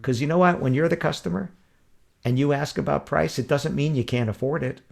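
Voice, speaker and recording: A man giving sales advice in a podcast interview, talking in a lively way, often acting out customers and chuckling. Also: fairly high pitch, brisk, vocal fry. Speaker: wedding sales consultant.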